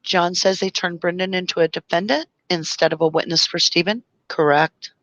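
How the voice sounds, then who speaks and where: A woman's voice: on the low side, steady tone, normal speed, fairly bright tone, no echo, dull audio. A woman hosting a live stream, speaking with passion and emotion, reading viewer comments and explaining through long analogies. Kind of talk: impassioned live-stream talk.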